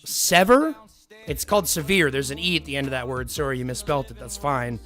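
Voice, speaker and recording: A man's voice: mid-range voice, fairly quick, a bit bright, faint music behind. A man live-streaming who answers viewer comments in a blunt, profane, argumentative way.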